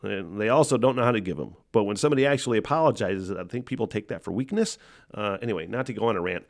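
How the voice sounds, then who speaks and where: Profane, ranting American podcast host. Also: male voice, fairly low pitch, animated, fast talker, gravelly. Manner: profane, ranting, laughs often. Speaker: former rock radio DJ. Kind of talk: casual reaction commentary.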